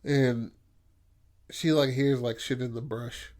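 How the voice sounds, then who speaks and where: A man co-hosting a podcast, pitching a story idea in a rambling, profane chat full of fillers. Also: steady tone, takes it slowly, darkish tone. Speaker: podcast co-host. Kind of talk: casual brainstorming chat.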